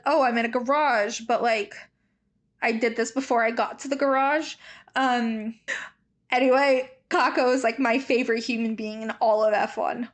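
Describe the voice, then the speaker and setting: A woman hosting a podcast in casual chat, gushing and full of "like" fillers. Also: on the high side. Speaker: podcast host.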